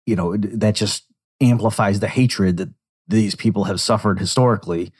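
A man's voice: on the low side, steady tone, normal speed, husky. A man giving digressive, explanatory commentary on interview clips. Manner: digressive, explanatory, acts out quotes.

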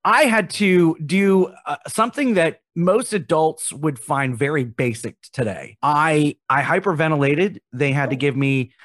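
A man's voice: a little high, unhurried, few pauses, a bit bright, dry recording. A man hosting a casual comedic podcast, rambling and self-mocking as he tells a story, often laughing. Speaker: podcast host.

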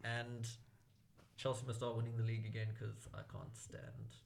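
Animated young man telling stories. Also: medium pitch, normal speed, creaky. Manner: animated storyteller, laughs often. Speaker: podcast co-host. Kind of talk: casual football chat.

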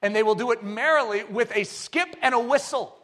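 Pastor guy preaching, high bright voice, jumps from quiet to shouting. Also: fairly quick. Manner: animated, shifts between hushed and shouting; acts out quoted voices. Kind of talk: sermon.

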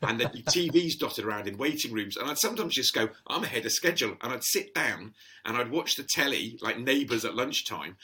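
A chatty man tells stories in a relaxed interview, laughing often and slipping into the voices of the people he quotes. His voice is very bright and sharp, pitched at an ordinary middle height for a man. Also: brisk. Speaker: guest. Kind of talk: casual storytelling interview.

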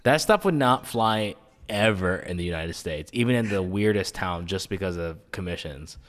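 A man's voice: sits low, lively intonation, normal speed, big-room sound. A man hosting a casual podcast, playful and teasing, laughing often. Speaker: podcast host.

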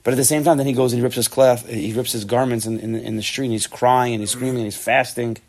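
A man giving a Torah class, animated and emphatic, often restarting his sentences. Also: mid-range voice, fast. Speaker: Torah teacher.

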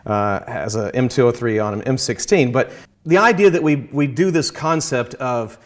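A man in conversation, earnestly explaining his Christian faith and quoting scripture, slowing down to stress key phrases. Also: mid-range voice. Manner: quotes scripture, halting restarts. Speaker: Christian guest speaker.

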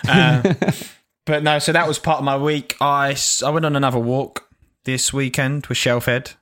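A man's voice: medium pitch, flat delivery, moderate pace, fairly bright tone. A man co-hosting a podcast, chatting casually and laughing often while he banters. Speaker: podcast co-host. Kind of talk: casual chat.

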